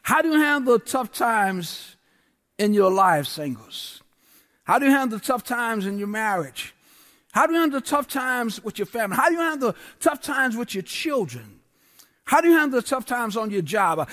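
A man's voice: extremely high pitch, sing-song, normal speed, fairly bright tone. A man preaching a sermon as a guest pastor, in a rhythmic style full of repeated refrains and calls out to the congregation. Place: large church. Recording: long church hall reverb.

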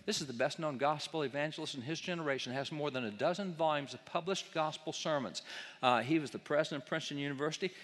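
A man's voice: on the high side, quick pace, fairly bright tone. Emphatic man lecturing in a reverberant hall. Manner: emphatic, rhetorical, mocking quoted opponents. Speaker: speaker on history. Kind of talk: lecture with slides to an audience.

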